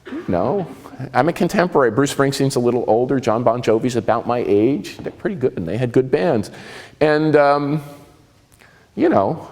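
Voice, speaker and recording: A man in his sixties from New Jersey with a New Jersey accent, telling personal stories in a lively, conversational and self-mocking way. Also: mid-range voice, normal speed, in a large hall. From New Jersey, USA. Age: 60s. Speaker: speaker giving a talk. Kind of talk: personal storytelling talk.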